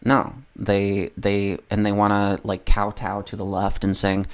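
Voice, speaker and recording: A livestreamer rants casually about politics in a low, monotone voice that runs a little slow, with a clean tone. The rant is heavily profane and rambling, and he often loses his train of thought.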